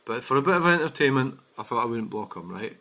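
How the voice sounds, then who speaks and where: A man's voice: medium pitch, big pitch swings, fast, bright, forceful tone. A Scottish man giving blunt, exasperated casual commentary on comments he has received, swearing freely. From Scotland. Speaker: vlogger.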